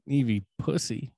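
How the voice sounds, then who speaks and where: A man's voice: mid-range voice, vocal fry, a little mellow, husky, no room sound, clean studio sound. A young man co-hosting a casual podcast, rambling and crude, mocking himself and laughing often. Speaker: podcast co-host.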